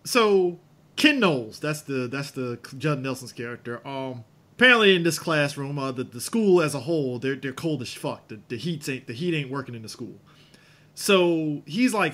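A man co-hosting a casual podcast, retelling movie scenes and acting them out with lively swings in voice. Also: mid-range voice, normal speed. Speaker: podcast co-host. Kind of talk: casual chat.

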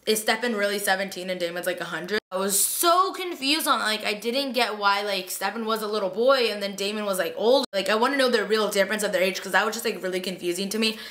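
A woman's voice: mid-range voice, fast, hardly any pauses, fairly bright tone. A young woman chatting through a TV episode recap late at night, gushing and tired, filling her talk with "like" and paraphrased quotes. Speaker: vlogger reviewing a TV episode.

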